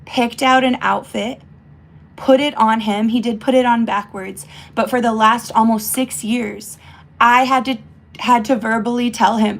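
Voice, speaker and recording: A woman's voice: a little high, steady tone, measured pace, vocal fry. A young woman chatting casually in a vlog while doing her makeup, emotional and choked up, rambling with many fillers and restarts. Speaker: mother vlogging.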